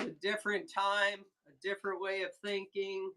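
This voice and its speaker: A woman hosting a casual live sales stream, chatting excitedly with viewers and reading their comments aloud. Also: mid-range voice, moderate pace, few pauses. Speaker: livestream seller host. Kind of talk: casual livestream chat with viewers.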